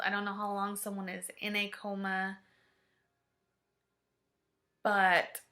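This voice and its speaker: Slow, bright-voiced woman telling a story. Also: medium pitch. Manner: emotional, halting storytelling with hushed asides. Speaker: vlogger. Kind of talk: personal storytime.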